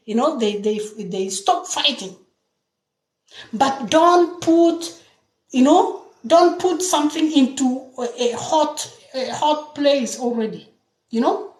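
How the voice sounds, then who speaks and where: A high-voiced woman talks slowly and emphatically. She fires rhetorical questions and often restarts her sentences. Her voice rings in an echoing room. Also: darkish tone. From South Sudan. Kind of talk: impassioned political talk. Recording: roomy echo.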